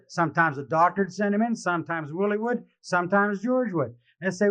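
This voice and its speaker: A man giving a live personal testimony speech at a convention, wry and self-mocking, growing halting and emotional with many restarts. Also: sits high, fairly bright tone. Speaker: speaker sharing his recovery story. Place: convention hall. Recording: dull lo-fi archival recording.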